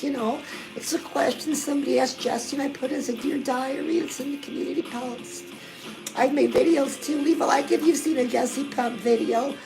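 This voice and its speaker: Woman doing a gushy self-help girl guru, high sweet voice, loud music behind. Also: creaky, low-quality recording. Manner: gushing, chatty, keeps addressing the viewer as girl. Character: chirpy self-styled woman lifestyle guru, gushing, pushy. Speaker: host. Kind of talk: comic character monologue to camera. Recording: music playing loudly under the voice.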